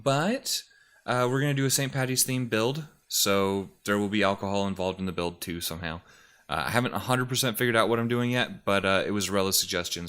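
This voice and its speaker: His voice sits low with a bit of brightness. A YouTuber and streamer, he rambles casually into a desk mic at home, restarting often and leaning on fillers, slightly out of breath and sniffly.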